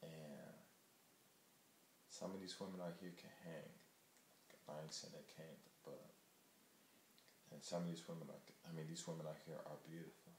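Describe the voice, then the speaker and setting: A man's voice: a bass voice, steady tone, moderate pace, pauses often, darkish tone, reverberant, slight background noise. A man from the United States talking casually and candidly to the camera, rambling and emphatic. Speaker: vlogger. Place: Japan.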